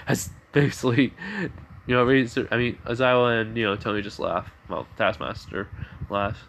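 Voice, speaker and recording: A man improvising a fan story as narrator, rambling and halting with many restarts. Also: mid-range voice, fairly even intonation, gravelly, a bit bright, slight background noise.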